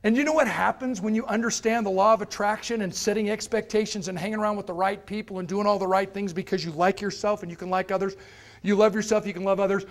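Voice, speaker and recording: A man giving a motivational lecture to a live audience, telling an anecdote and acting out the people in it with lively changes of voice. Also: sits high, fast. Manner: animated, acts out characters' voices. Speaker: motivational speaker. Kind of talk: storytelling keynote lecture.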